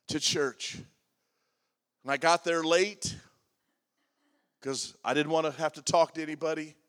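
Delivering a confessional sermon, this sixty-something pastor speaks in a slightly high voice. His preaching swings from forceful, loud emphasis to quiet, gentle stretches.

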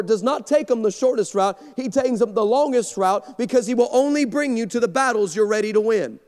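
A guest pastor preaching with animated, rapid storytelling, acting out every line of dialogue. His voice sits high for a man, and the echo of a large church hall trails behind each phrase. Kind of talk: sermon with storytelling. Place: church sanctuary.

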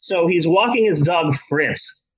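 A man co-hosting a podcast, telling a history story in a comedic, profane and animated way over dull lo-fi sound. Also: on the high side, measured pace, husky.

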